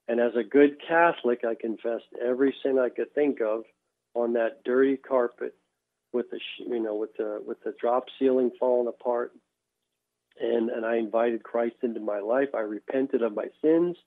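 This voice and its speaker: A man, a radio show guest, telling a personal faith testimony in a halting way, often repeating words as he restarts. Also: medium pitch, steady tone. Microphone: phone. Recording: tinny phone line.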